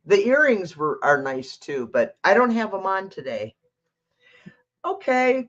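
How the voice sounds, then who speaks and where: A woman's voice: lowish voice, big pitch swings, normal speed, highs cut off. An older woman hosting a tarot livestream, chatting casually, reading out viewer comments and talking to her cat.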